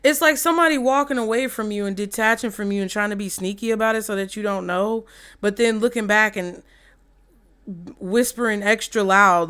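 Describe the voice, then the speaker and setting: This tarot reader is a woman whose smooth, somewhat bright mid-range voice moves a little fast. Her reading is casual and chatty, full of free swearing and quotes performed in mock voices, and she keeps stopping to laugh, trailing off, and starting sentences over.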